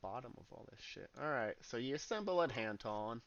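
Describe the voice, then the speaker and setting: A man's voice: mid-range voice, brisk, gravelly, highs cut off. Easygoing man running a tabletop game. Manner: relaxed, rambling, with frequent fillers. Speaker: game master.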